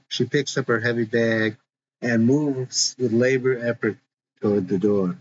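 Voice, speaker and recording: A man's voice: mid-range voice, fairly even intonation, a little slow, slight background noise. Man reading stage directions plainly. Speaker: narrator. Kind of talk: reading a story script aloud. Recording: dull lo-fi recording.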